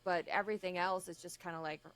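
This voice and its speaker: A woman's voice: on the low side, steady tone, fast talker, fairly bright tone, clean tone. A woman co-hosting a gaming podcast, chatting casually with a wry, sarcastic edge. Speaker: podcast co-host. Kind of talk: casual chat.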